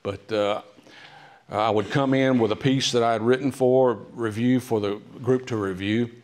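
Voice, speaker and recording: A man speaks at a library author talk in an ordinary mid-pitched voice, spinning history into chatty, humorous anecdotes. He pauses often with "uh" and restarts as he goes. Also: fairly even intonation, a little mellow. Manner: chatty, humorous, with frequent "uh" fillers. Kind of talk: casual storytelling talk. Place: public library meeting room.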